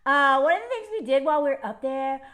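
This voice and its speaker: A smug, boastful rich man who brags with exaggerated self-satisfaction, as a woman mocks him. The voice sits high and the tone drips with sarcasm. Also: expressive, fast talker, a bit bright.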